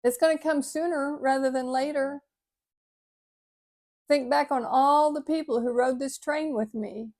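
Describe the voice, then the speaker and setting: An older retired woman, gently reflecting to her viewers in a heartfelt video talk. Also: high-pitched, fairly even intonation, measured pace, pauses often. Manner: gentle, heartfelt, sometimes choked up. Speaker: vlogger. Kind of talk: reflective talk reading an inspirational piece.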